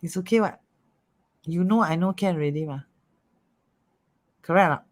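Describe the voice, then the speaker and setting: Metaphysics teacher, livestream class, animated, keeps checking "okay?". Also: mid-range voice, moderate pace. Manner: animated, repeats "okay?" and "ah", coaxing.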